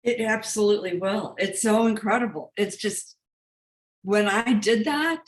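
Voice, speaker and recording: A woman's voice: medium pitch, a little slow, reverberant. A woman hosting an online talk, telling her own story in an emphatic, heartfelt way. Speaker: host. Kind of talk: spiritual coaching talk.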